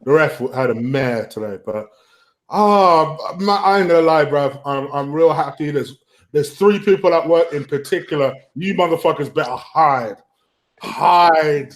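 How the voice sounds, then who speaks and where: A man in casual football chat, excitable and swearing, stumbling over his words. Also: on the high side, measured pace. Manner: excitable, swears, stammers on restarts. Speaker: football podcast guest.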